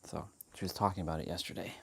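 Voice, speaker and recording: On a live workout stream, a man counts his reps and chats amiably with viewers, hailing them as "brother." He speaks in a low, level tone at a racing pace, with vocal fry and a breathy edge.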